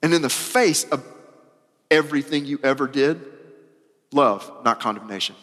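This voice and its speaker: A man preaching a sermon as pastor, emphatic and casual, repeating phrases and moving between loud and soft. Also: medium pitch, moderate pace. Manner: casual, uses "y'all" and slang. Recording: long hall reverb.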